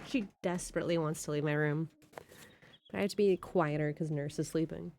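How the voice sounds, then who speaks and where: A woman's voice: deep voice, steady tone, brisk, a little mellow, slight background noise. A woman streamer chatting playfully over a video game. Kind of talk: casual game stream commentary.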